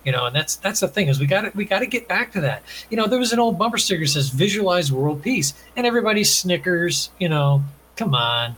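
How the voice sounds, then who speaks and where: A man's voice: high voice, sing-song, quick pace, a bit bright, poor audio. Earnest man preaching love and utopia. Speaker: author and guest. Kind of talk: casual podcast conversation.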